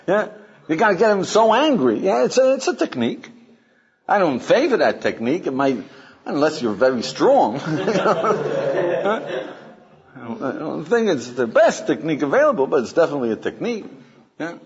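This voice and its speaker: With a crowd audible in the background, an older rabbi teaches an informal class in a fairly high voice at normal speed. He's animated, asking the class questions and performing quotes. The lecture recording sounds dull and lo-fi.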